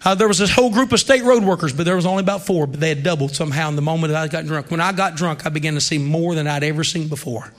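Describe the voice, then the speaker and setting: A man in his thirties preaching a revival sermon to a congregation in a church, swinging between shouted exhortation and hushed storytelling. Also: on the high side, steady tone, racing, few pauses. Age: 30s.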